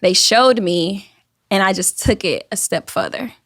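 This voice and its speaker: Woman in her 30s, softened Southern accent, animated interview guest, dry studio sound. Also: mid-range voice, measured pace, dry recording. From Alabama, US Southern. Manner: animated storyteller, acts out quoted voices. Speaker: guest, YouTube creator. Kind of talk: casual interview chat.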